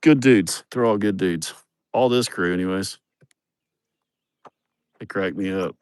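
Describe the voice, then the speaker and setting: His voice sits low and darkish, unhurried and clean, with no echo and a clean studio sound. He's a livestream host outdoors at a building site, phone held in hand, telling joking, blunt, profane stories in casual chat.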